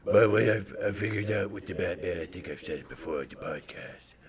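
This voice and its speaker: A man's voice: low voice, fairly quick, crowd noise. A man co-hosting a podcast in casual chat, rambling with restarts and laughing as he talks. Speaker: podcast co-host.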